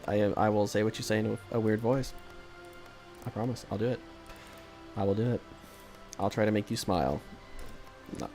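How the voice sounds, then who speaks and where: A man's voice: fairly low pitch, darkish tone. A man streaming a strategy game, chatting with viewers in a rambling, self-deprecating way with lots of hesitations into a desk microphone. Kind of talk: casual live-stream chat with viewers.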